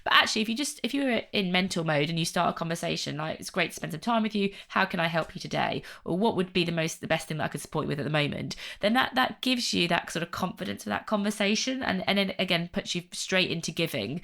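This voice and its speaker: A woman with a lowish voice and a gravelly edge co-hosts a relaxed career podcast. She talks in an animated way and acts out inner doubts in quick little asides. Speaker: podcast co-host. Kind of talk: casual podcast chat.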